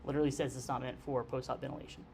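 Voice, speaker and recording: A man gives a lecture on medicine in a conversational way, and his voice sits at an average pitch. He keeps checking in with the listeners as he talks. There is a faint noise in the background. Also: level tone, racing. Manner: conversational, checks in with frequent "okay". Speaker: nurse anesthesia instructor. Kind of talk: classroom lecture.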